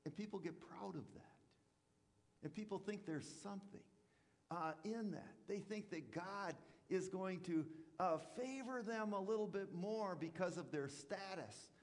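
A man's voice: high voice, a little slow, big-room sound. A man preaching a sermon as a pastor, talking conversationally with rhetorical questions and acted-out asides.

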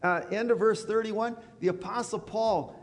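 Man, pastor, sermon, high-pitched, conversational, acts out quotes, church reverb. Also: moderate pace.

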